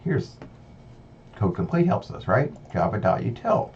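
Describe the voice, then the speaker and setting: A man's voice: fairly low pitch, big pitch swings, a little slow. A man teaching a programming lesson over a screen recording, explaining step by step and thinking aloud with fillers and restarts. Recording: slightly dull lo-fi audio with faint hiss.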